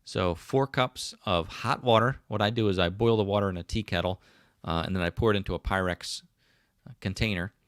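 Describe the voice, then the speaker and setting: A man's voice: sits low, a little fast, no room sound, studio quality. A man in his fifties with a South Jersey accent, hosting a casual livestream and chatting while reading out viewer comments, rambling with frequent ums. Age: 50s. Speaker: livestream host.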